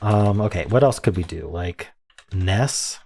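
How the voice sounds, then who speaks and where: A man with a fairly low voice talks himself through word puzzles in a soft, meandering way. He hesitates often, trails off into ums, and chuckles quietly at his own guesses. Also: lively intonation, a little slow, vocal fry. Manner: muttering, hesitant, many ums, self-amused. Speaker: word game streamer. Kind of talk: thinking aloud while solving puzzles.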